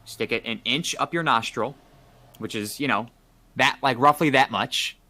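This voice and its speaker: A young man with a bright, forceful voice rambles through a story on a podcast. He talks casually, packs in plenty of "like", and keeps laughing at his own tale. His pitch sits right in the middle for a man. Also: normal speed. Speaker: podcast co-host.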